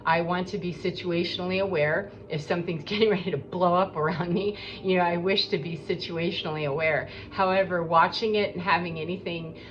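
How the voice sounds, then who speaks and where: A woman's voice: lowish voice, fairly even intonation, a little fast, few pauses. A woman giving an earnest, rambling spiritual monologue as a coach, talking in a preachy way. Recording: dull lo-fi with faint background noise.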